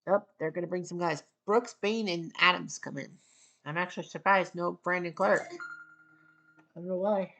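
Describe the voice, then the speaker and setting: A Canadian woman with a gravelly, fairly low voice does casual solo play-by-play of a basketball video game. Her calls are clipped and rapid, sprinkled with wry asides, and her excitement rises near the end.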